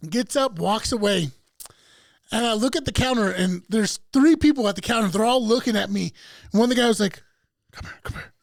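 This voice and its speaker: A man's voice: high-pitched, fairly quick, creaky, no room sound. A man co-hosting a podcast, telling a story in a casual, profane way and acting out the people in it. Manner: animated, profane, acts out other people's voices. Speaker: podcast co-host.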